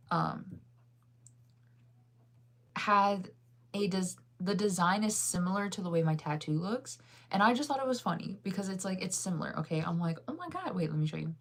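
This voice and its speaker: Young woman, slightly low voice, rambling vlog chat, words fully enunciated. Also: vocal fry. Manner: rambling, chatty, laughs often. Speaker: vlogger. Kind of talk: casual chat to viewers.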